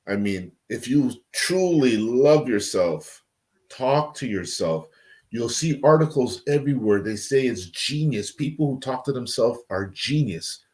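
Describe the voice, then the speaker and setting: A man's voice: mid-range voice, animated, a little slow, a little mellow. A man on a talk panel speaking bluntly and emphatically about hard times, with swearing and dry jokes. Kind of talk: casual panel chat.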